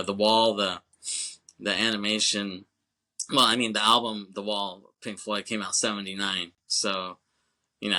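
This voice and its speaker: A man co-hosting a laid-back movie podcast, rambling through his thoughts and peppering them with "you know what I'm saying" and the odd curse. His voice sits a little low but carries a bright, forceful edge. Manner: swears casually. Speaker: podcast co-host. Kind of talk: casual film podcast chat.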